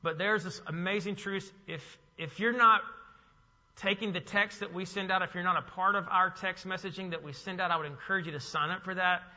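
Male pastor, high voice, emphatic sermon, rhetorical questions, long church reverb, dull sound. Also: fairly even intonation, a little fast, bright, forceful tone.

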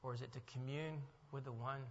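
A male pastor preaching a sermon in a church, moving from hushed reflection to emphatic, rising delivery. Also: medium pitch, steady tone, fast, slight background noise. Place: church sanctuary. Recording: muffled sound with long hall echo.

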